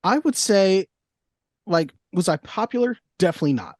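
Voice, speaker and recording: A man's voice: sits high, lively intonation, moderate pace, dry recording, clean studio sound. A man in his thirties from Long Island co-hosting a podcast in casual chat, rambling and hedging as he thinks aloud. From Long Island, New York. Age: 30s. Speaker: podcast co-host.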